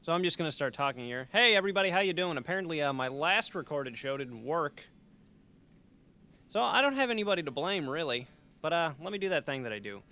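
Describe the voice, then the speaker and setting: A man's voice: on the high side, expressive, a little fast, pushed and bright. A young man hosting a college radio show, chatting and joking in a loose, rambling, self-mocking way from a small studio. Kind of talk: rambling comedic radio chat.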